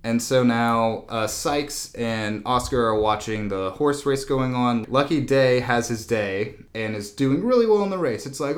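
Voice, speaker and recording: A man co-hosting a laid-back movie recap podcast. His pitch sits in the middle for a man. He jokes sarcastically and drops into quick goofy voices for the characters, laughing as he goes. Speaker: podcast co-host. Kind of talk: casual movie recap chat.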